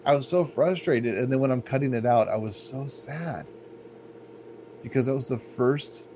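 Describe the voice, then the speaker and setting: A man's voice: medium pitch, a little fast. A man co-hosting a podcast, telling stories in a laid-back, rambling way full of "like". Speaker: podcast co-host. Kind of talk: casual podcast chat. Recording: faint background noise.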